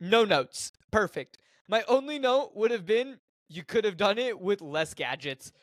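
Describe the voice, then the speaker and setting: A man co-hosting a podcast, casually recapping a film from his notes with animated jokes. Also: sits high, a little slow, no room sound. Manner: animated, joking, reads notes aloud. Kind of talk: casual chat.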